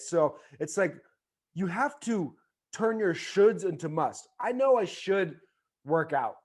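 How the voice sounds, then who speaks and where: A former baseball player from the United States, in his forties, shares his story as an interview guest on a podcast, his voice a little mellow. He rambles, restarts often and uses lots of fillers, ending up in a passionate motivational pitch.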